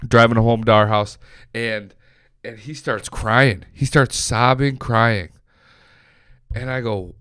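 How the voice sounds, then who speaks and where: A man's voice: mid-range voice, steady tone, takes it slowly, pauses often, fairly bright tone, clear, resonant tone, no room sound, studio quality. A man in his late twenties hosting a sports podcast, telling a loose, funny story with plenty of swearing. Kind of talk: casual sports chat.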